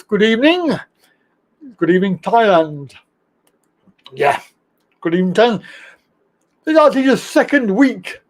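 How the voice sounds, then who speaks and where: A man hosting a casual live stream show, chatty and rambling, greeting viewers and laughing at his own slips. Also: sits high. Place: home studio, in Thailand.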